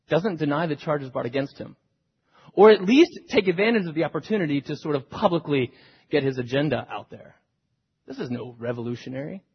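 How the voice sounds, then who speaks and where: A man preaching a sermon, retelling a scripture story dramatically and swinging between hushed and loud delivery. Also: mid-range voice, husky. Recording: dull recording with long hall reverb.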